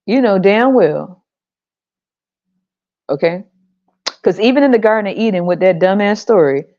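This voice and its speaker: A woman's voice: medium pitch, a little mellow, no echo. An American woman hosting a podcast, ranting in a casual, profane, mocking way and laughing often. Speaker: podcast host. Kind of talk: casual monologue rant. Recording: dull lo-fi sound.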